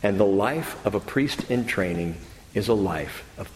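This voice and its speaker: A man's voice: on the low side, animated, a little slow, a little hiss or hum. A man preaching a sermon in a church and closing with a prayer, talking emphatically, recorded in a reverberant hall. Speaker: pastor. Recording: echoey hall with faint ambience.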